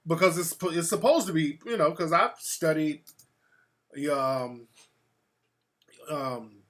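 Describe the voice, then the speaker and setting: Loose, profane radio talk host. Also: male voice, on the high side, expressive, slow, long pauses, fairly bright tone. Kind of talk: casual call-in talk.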